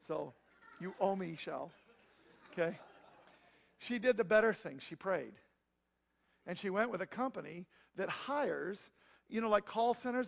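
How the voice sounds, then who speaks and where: A middle-aged man preaching, telling a story in a lively, conversational way with asides to his congregation. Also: high-pitched, gravelly. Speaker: pastor. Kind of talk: storytelling sermon.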